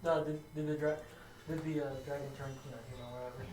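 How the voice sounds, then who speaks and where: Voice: mid-range voice, fairly even intonation, fast, darkish tone, a little hiss or hum. Casual, laughing tabletop player, recorded far off in an echoey room with faint music. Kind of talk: tabletop role-play.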